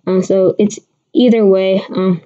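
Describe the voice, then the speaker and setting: Unhurried and steady, with a medium pitch and dark tone, the amateur forecaster hosts her weather livestream. She rambles through many restarts while answering viewers, and the audio is dull lo-fi.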